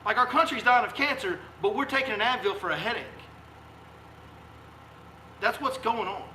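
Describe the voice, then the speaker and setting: Guide, male, heated live-stream rant, high voice, echoey recording. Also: moderate pace, pushed and bright, slight background noise. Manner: fiery, emphatic, repeats rhetorical questions. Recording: echoey room sound.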